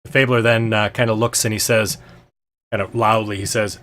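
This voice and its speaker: A man's voice: lowish voice, little pitch movement, moderate pace, a bit bright. A man narrating as game master of a tabletop game, hesitant and full of ums and restarts.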